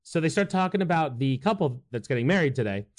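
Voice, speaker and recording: A man's voice: a little high, fast. A man co-hosting a podcast in casual chat, laughing often and acting out quotes. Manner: animated, laughing, acts out quotes. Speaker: podcast co-host.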